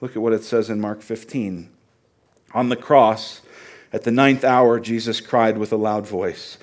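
A man preaching a sermon in an earnest, conversational way, dropping to a hush and then rising to loud, emphatic peaks. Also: lowish voice, steady tone, measured pace. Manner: swings from hushed, quiet delivery to loud, near-shouted emphasis. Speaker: pastor.

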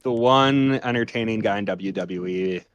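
A man's voice: lowish voice, moderate pace, smooth, no room sound. A man on a casual podcast panel, giving short decisive votes with brief reasons. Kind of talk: casual chat.

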